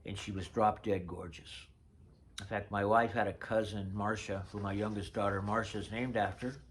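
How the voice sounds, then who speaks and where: A man's voice: fairly low pitch, steady tone, normal speed, a little hiss or hum. A man in his sixties telling rambling, chatty stories about old notes from his past. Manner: chatty storyteller, drifts off mid-thought. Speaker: vlogger. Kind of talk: casual reminiscing vlog.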